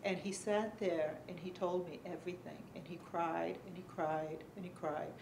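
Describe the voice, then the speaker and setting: A middle-aged woman giving earnest personal testimony as a panelist at a conference, speaking haltingly with pauses and fillers. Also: on the low side, fairly even intonation, creaky, echoey room, noisy background. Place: conference room.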